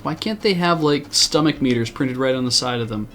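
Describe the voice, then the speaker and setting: A man's voice: mid-range voice, brisk, a bit bright, slight background noise. A man streaming a farming game, chatting casually with his viewers and poking fun at himself. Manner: chatty, self-deprecating, answers chat. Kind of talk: casual game commentary to chat.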